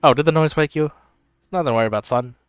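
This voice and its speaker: A man's voice: fairly high pitch, fast, clean tone, pitched above the performer's own voice, close to an everyday voice. A man voicing a firm, guarded village father protecting his home. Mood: stern.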